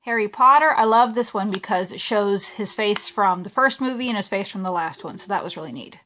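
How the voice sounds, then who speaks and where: A woman's voice: mid-range voice, lively intonation, brisk, a bit bright. A woman, chatting casually and gushing while she shows off her crafting supplies. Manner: chatty and gushing, with many fillers. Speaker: cross-stitch vlogger. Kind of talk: casual show-and-tell chat.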